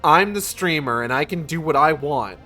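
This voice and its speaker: A man's voice: a little high, expressive, normal speed, pushed and bright, soft background music. A man streaming a game, making profane, jokey asides. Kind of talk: livestream gameplay commentary.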